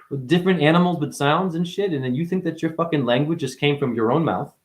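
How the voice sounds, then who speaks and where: A man's voice: a little high, quick pace, few pauses. Man ranting, profane and preachy. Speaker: livestream host. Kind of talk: rambling spiritual livestream monologue.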